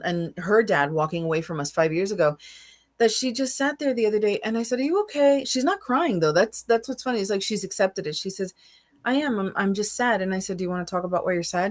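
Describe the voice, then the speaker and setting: A woman in her forties co-hosts a casual podcast, speaking openly and emotionally. Her mid-range voice is animated and fairly quick, and she often restarts and repeats words.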